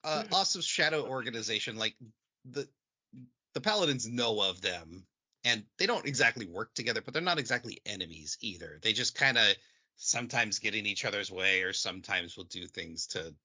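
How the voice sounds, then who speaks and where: A man co-hosting a podcast in casual chat, explaining things haltingly with restarts and "like". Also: on the low side, lively intonation, sharp tone, slightly rough, dull audio. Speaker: podcast co-host.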